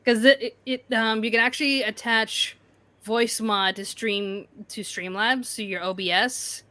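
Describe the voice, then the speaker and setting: A woman's voice: on the high side, fairly even intonation, measured pace, pushed and bright, no echo. A woman co-hosting a podcast, chatting casually and explaining her streaming setup. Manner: chatty, explaining tech settings. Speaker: podcast co-host. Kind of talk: casual live-stream chat.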